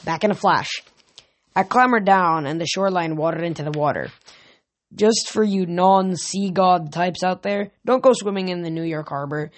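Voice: mid-range voice, normal speed. An audiobook reader narrating a story in first person, in a casual delivery with frequent stumbles and self-corrections.

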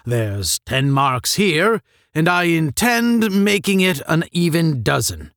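A gruff veteran male space sergeant, put on by a man reading a storybook, drawls his lines slowly and then roars commands with wide swings in pitch. The sound is close and dry. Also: very animated, fairly bright tone, no echo, full character voice. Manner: barking, drill-sergeant commands.

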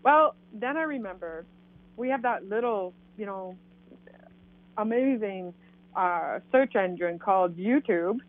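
A woman's voice: mid-range voice, measured pace, dry recording. Woman telling her story over a phone line. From Canada. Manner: animated, acts out quoted dialogue. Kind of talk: casual storytelling. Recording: tinny phone line, dry.

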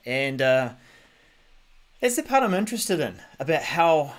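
A man's voice: a little high, sing-song, a little slow. Chatty man hosting a tech podcast. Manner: chatty, many ums and restarts, thinks aloud. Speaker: podcast host. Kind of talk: casual tech news commentary. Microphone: podcast mic.

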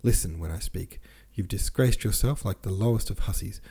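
A man voicing a stern, scolding older woman with a rough voice in an audiobook. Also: lowish voice, moderate pace, dark tone.

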